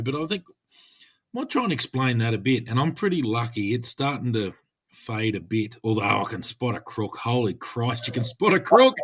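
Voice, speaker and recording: A man's voice: mid-range voice, breathy edge. A middle-aged Australian man, a former police officer, co-hosting a podcast in a laid-back, matter-of-fact way. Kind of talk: casual podcast chat.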